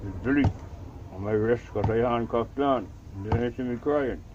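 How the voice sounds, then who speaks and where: A man's voice: medium pitch, normal speed. Older Bahamian man telling a dramatic story. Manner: vivid, dramatic storytelling, acts out the voices of people in his story. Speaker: Rastafarian elder telling his life story. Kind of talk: storytelling in an interview. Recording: dull lo-fi recording with clear background noise.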